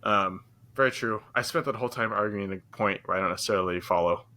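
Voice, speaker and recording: A man's voice: on the low side, fast, pushed and bright. A young man co-hosting a football podcast, chatting casually and rambling, often repeating himself. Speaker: podcast co-host. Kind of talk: casual chat.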